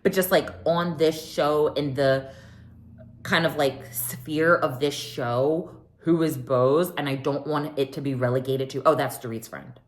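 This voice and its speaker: A woman hosting a casual TV recap, chatty and animated, often acting out what people said. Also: sits low, measured pace. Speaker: recap podcast host.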